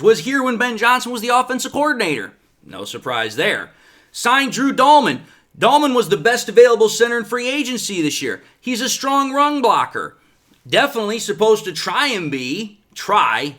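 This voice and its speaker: A man hosting a sports commentary show, talking in a sarcastic, animated way with lots of rhetorical questions. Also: high voice. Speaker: sports podcast host.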